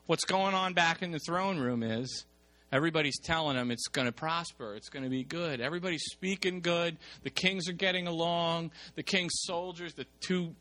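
A man's voice: a little high, moderate pace, pushed and bright. A preacher voicing an anxious male royal messenger who begs a prophet to go along with the others. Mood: pleading. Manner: coaxing, exasperated.

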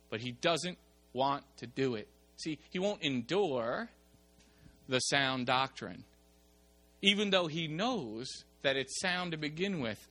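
A male preacher giving a lively sermon, reading scripture and explaining it while acting out the people in the story. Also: a little high. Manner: animated, acts out the people in the story. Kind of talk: sermon with Bible reading and commentary.

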